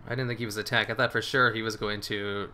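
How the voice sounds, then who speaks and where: A man giving excitable live commentary on his game, swearing and cheering his moves as he plays. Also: on the low side, fast. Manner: excitable, swears, laughs often. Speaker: gaming streamer.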